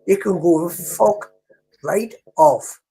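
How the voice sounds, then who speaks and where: Geordie bloke, high voice with lots of gravel, gushing goodbyes on a live chat. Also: male voice, takes it slowly, mellow. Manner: affectionate, effusive goodbyes. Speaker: guest caller. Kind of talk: casual live stream chat.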